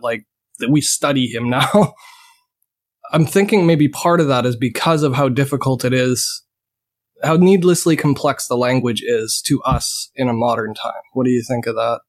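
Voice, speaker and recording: A man co-hosting a casual podcast, giving earnest opinions with frequent fillers. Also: mid-range voice. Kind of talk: casual discussion.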